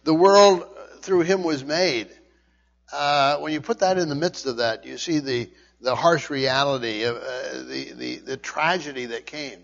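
Man teaching a sermon, halting delivery. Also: fairly high pitch, gravelly, in a large hall, lo-fi sound. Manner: halting, repeats words often, swings between loud and quiet. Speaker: pastor. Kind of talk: sermon, verse-by-verse Bible teaching.

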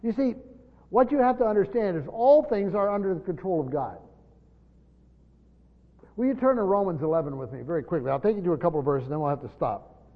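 An expressive pastor with a fairly high voice leads a Bible study, teaching scripture expositorily at a fairly quick pace broken by long pauses. Key words land hard before he slips into quiet asides. The recording has a dull, lo-fi tone and a long hall echo.

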